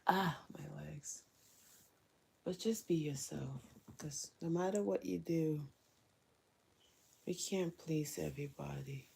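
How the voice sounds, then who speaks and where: Low, gravelly-voiced mom chatting. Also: female voice, takes it slowly, pauses often, a little mellow, slight background noise. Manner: candid, chatty, laughs often. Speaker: mother vlogger. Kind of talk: casual chat while doing chores.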